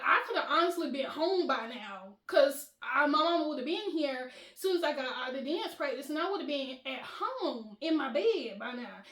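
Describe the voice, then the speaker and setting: Animated high-voiced woman telling a story. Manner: animated, chatty, laughs often, addresses viewers as y'all. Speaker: storytime vlogger. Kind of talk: casual storytelling to viewers. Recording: roomy echo.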